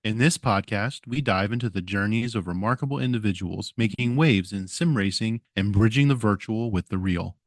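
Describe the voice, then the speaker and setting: A man reading a scripted podcast intro in a smooth announcer manner. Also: fairly low pitch, normal speed, hardly any pauses, no echo. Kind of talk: scripted narration.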